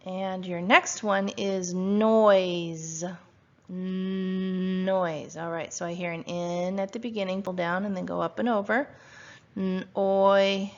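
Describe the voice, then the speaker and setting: In a steady, lowish voice at a normal pace, a woman teaches first graders phonics spelling at home, patiently breaking down letter sounds and asking questions. The audio is dull and lo-fi.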